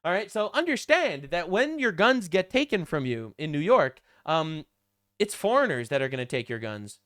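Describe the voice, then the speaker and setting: A crude, sarcastic man reacting to clips as he hosts a political commentary stream. He rambles through fillers, and his pitch swings up and down. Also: big pitch swings, moderate pace, a bit bright.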